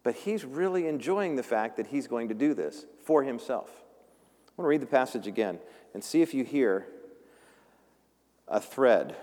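A man's voice: mid-range voice, expressive, normal speed, long pauses, dark tone. A male pastor giving a conversational sermon, joking and acting out the voices in the story. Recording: long reverb of a large room.

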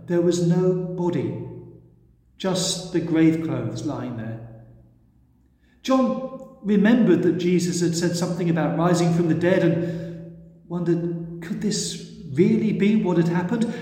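A man preaching, retelling a story gently and expressively before leading a prayer. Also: sits high, slow, pauses often. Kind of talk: sermon storytelling. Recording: echoey church hall.

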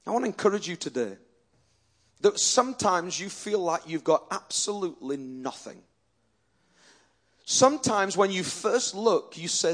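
A man with a fairly high voice preaches a sermon with earnest emphasis, stopping and restarting his sentences as he goes. He speaks as a pastor addressing his congregation. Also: lively intonation, moderate pace, a bit bright.

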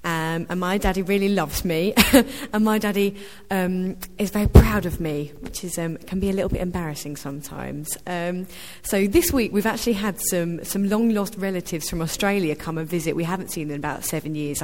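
A woman's voice: fairly low pitch, normal speed, few pauses, a little mellow. A woman sharing a prophetic word with her church in an informal testimony, hesitant and full of ums. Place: church hall. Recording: reverberant church hall.

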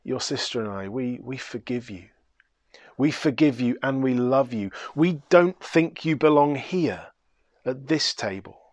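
A man's voice: mid-range voice, expressive, measured pace, dry recording, lightly acted. Man voicing a commanding bridegroom. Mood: gentle. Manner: strong commanding voice, then gentle. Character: young bridegroom, firm then forgiving.

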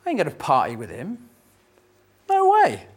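A man's voice: on the high side, wildly swooping pitch, moderate pace, husky, heavily acted. A man voicing a resentful older brother who complains indignantly to his father, in a sermon retelling.

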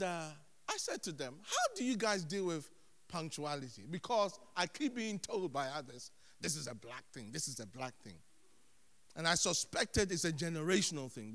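Animated preacher in a reverberant hall. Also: male voice, fairly high pitch. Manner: animated, swings from hushed to loud. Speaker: pastor. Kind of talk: sermon.

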